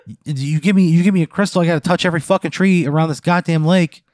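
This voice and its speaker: A man's voice: on the high side, fairly even intonation, fast talker, darkish tone, no echo. Male improv player, cursing, exasperated, dry mic. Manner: profane and exasperated. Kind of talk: improvised comedic role-play.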